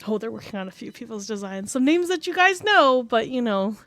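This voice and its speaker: A woman streamer chatting casually on a livestream, excitable and gushing. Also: a little high, fairly quick. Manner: excitable, gushing, breaks into squeals and laughs. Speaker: VTuber streamer.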